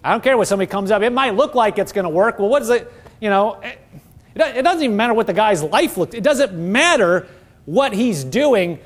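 High-voiced man preaching earnestly. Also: expressive, a little fast. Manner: earnest, asks many rhetorical questions. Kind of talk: conversational Bible teaching.

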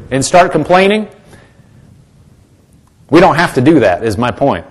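A man's voice: mid-range voice, big pitch swings, a little slow, pauses often. A man preaching a sermon, emphatic and repetitive, calling on the congregation to respond. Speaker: pastor.

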